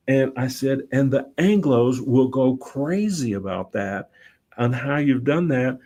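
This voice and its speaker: A middle-aged man, a guest on a talk show, telling lively anecdotes in a relaxed conversational way and often quoting himself. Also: mid-range voice, unhurried. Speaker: guest, voice-over and public speaking teacher. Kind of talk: casual conversational storytelling.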